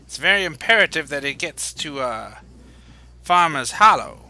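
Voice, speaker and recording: A man's voice: a little high, lively intonation, moderate pace, bright, forceful tone, pitched above the performer's own voice, heavily acted. A man voicing an evasive, secretive male merchant whose voice keeps changing. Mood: haughty. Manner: switches voices mid-conversation.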